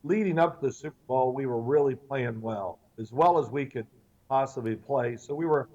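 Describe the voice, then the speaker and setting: Animated older man, lo-fi call audio. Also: medium pitch, moderate pace. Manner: animated anecdotes, acts out quoted coach in raised voice. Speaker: former football quarterback, guest. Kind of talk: storytelling interview answers. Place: remote video call.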